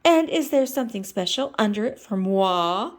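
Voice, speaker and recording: A woman's voice: medium pitch, lively intonation, moderate pace, pitched above the performer's own voice, lightly acted. A woman voicing a vain, dramatic female pig diva who talks in a fussy, affected way with bits of French. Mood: grand.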